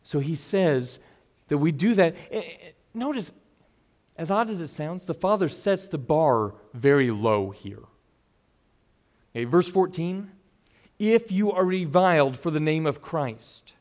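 A man preaching an expository sermon as pastor, earnest, moving between loud emphasis and hushed asides. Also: a little high, lively intonation, a little slow.

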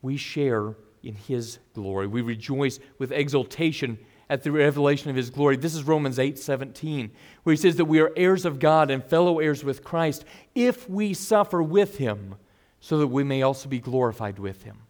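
A man preaching an expository sermon as pastor, earnest, moving between loud emphasis and hushed asides. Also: mid-range voice, moderate pace.

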